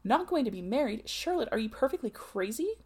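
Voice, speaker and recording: A woman's voice: fairly high pitch, very animated, fairly quick, a little mellow, husky, full character voice. A woman reading a novel aloud, voicing a proper young married woman who coaxes and frets over her cousin. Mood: shocked. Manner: fussy, coaxing, shocked.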